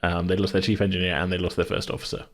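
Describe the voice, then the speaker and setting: A man hosting a tabletop podcast, chatting casually in a relaxed, rambling way and laughing often. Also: low voice, rapid-fire. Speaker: game master and podcast host. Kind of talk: casual chat.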